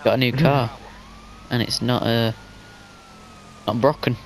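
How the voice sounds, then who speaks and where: A man's voice: medium pitch, fairly even intonation, creaky. A young British man hosting a gaming voice chat, teasing his friends and laughing. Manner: teasing, laughing, slow drawl. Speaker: gamer, channel host. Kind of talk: casual voice chat while gaming.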